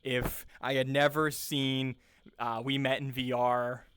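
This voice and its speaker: A man's voice: mid-range voice, flat delivery, slow pace, a bit bright, smooth, no room sound, clean studio sound. A young man, an improv teacher, talking casually and earnestly with lots of restarts and repeated words. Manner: earnest, enthusiastic, repeats words while searching. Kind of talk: casual rambling monologue.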